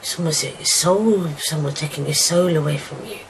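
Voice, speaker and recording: Middle-aged woman, low voice, raw and emotional personal account, jumps from shouting to whispering, faint background hiss. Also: moderate pace, vocal fry. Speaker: mother telling her daughter her story.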